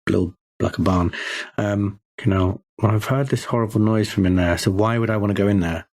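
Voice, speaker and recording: A man playing a tabletop horror game, talking through his character's actions in a thoughtful, halting way. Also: on the low side, a little mellow. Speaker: player. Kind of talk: casual tabletop game play.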